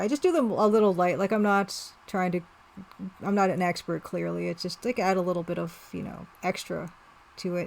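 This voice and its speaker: A woman's voice: medium pitch, darkish tone. A woman developer casually narrating and chatting while playing her own story game, rambling and self-deprecating. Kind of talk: casual let's-play commentary.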